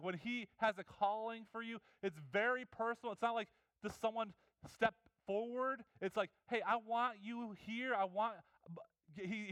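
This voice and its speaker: A man preaches a sermon in an earnest, conversational way, often restarting his sentences. His voice sits high and comes across smooth and resonant. The sound is dry and close. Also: fairly bright tone, no echo. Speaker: pastor.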